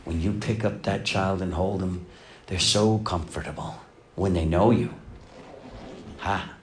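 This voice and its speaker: A middle-aged pastor preaching a sermon, dropping to hushed lines and then swelling to loud, emphatic passages. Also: male voice, low voice, steady tone, measured pace, a little hiss or hum.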